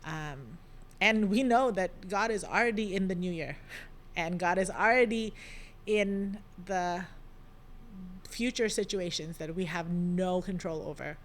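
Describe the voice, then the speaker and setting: A woman speaking slowly in a fairly low voice, sharing an unhurried devotional reflection. She talks gently and thoughtfully, filling her pauses with soft ums as she hosts her podcast. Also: a little hiss or hum.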